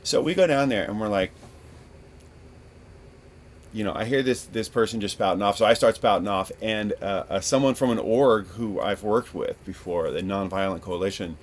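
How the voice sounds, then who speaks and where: Low-voiced man telling a profane story. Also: normal speed, slight background noise. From Northern California. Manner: profane, rambling, animated. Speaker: podcast host. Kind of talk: casual storytelling monologue.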